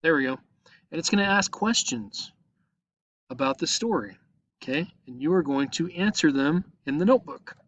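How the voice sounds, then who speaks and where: A man's voice: a little high, expressive, moderate pace, a bit bright, highs cut off, slight background noise. A male teacher patiently walks his students through an online lesson, checking in with frequent "okay?" as he explains each step. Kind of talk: recorded online lesson walkthrough. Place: at a computer, screen recording.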